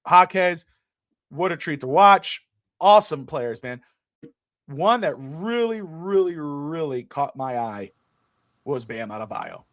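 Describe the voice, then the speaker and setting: Middle-aged male co-host, animated and ranting, slightly high-pitched, dry booth sound. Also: no echo. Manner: animated, ranting, swears freely. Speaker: podcast co-host. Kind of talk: casual sports talk.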